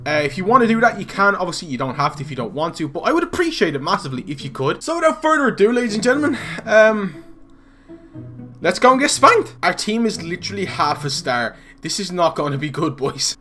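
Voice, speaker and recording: A young man giving excited, jokey commentary over his own football video game, swinging between shouts and mutters. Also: sits high, quick pace, faint music behind. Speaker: gaming YouTuber.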